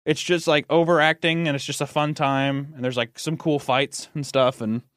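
A man's voice: fairly high pitch, steady tone, normal speed, a bit bright, dry recording, studio quality. A young adult man hosting a podcast in casual chat, rambling and laughing often as he reacts to movies.

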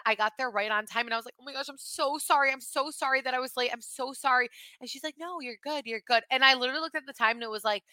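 A woman in her thirties chats on her podcast in a bright voice that sits a little high. She acts out her own reactions as she talks. The sound is close and dry. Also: dry recording. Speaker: podcast co-host. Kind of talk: casual chat.

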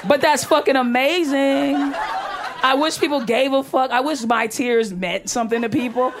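A woman's voice: high voice, moderate pace, background noise. A young woman doing a stand-up comedy set on a club stage, brash and profane, laughing through her punchlines into a handheld mic.

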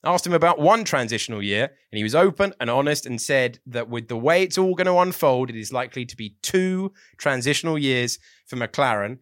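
A man's voice: medium pitch, brisk, no room sound, studio quality. A man co-hosting a sports podcast, enthusiastic, also reading an ad. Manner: lively, enthusiastic. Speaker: podcast co-host.

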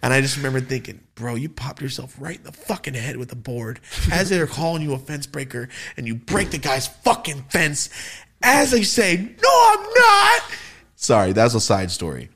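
A young man hosting a podcast, telling party stories in casual, profane, animated style. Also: mid-range voice, brisk, hardly any pauses, breathy edge. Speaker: podcast host. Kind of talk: casual storytelling.

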